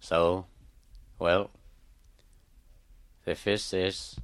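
Very deep-voiced male storyteller. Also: steady tone, takes it slowly, pauses often. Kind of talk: traditional oral storytelling.

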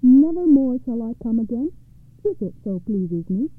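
A woman's voice: fairly high pitch, sing-song, measured pace, no room sound. A woman reading as a bold clever girl. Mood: defiant. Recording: tinny phone-like audio.

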